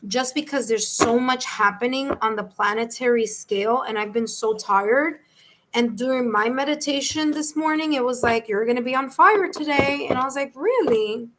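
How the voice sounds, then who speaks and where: A woman's voice: on the high side, fairly even intonation, normal speed, fairly bright tone, slight background noise. A woman with a New York accent giving a chatty, reassuring live-stream tarot reading and calling on viewers by name. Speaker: tarot reader.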